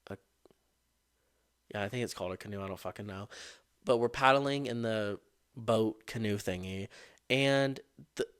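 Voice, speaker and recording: A man's voice: on the low side, moderate pace, pauses often, a bit bright, clear, resonant tone. A young man hosting his own podcast, retelling a childhood story in a casual, profane and exasperated way. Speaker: podcast host.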